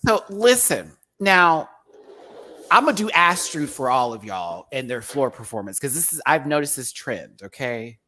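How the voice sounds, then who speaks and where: Animated laughing male show host. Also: medium pitch. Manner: animated, laughing often, slips into quick impressions. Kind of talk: casual livestream chat reviewing a TV show.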